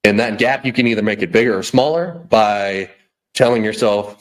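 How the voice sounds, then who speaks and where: A man's voice: on the low side, moderate pace. A man hosting a podcast, giving a blunt, preachy motivational rant full of repeats and "okay?". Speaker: podcast host.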